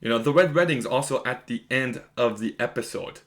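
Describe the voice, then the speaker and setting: A young man at an average pitch talks straight to the camera in a casual video review. He is emphatic and conversational and leans on fillers as he makes his points. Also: fairly quick, fairly bright tone. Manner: emphatic, conversational, lots of "like" and "you know".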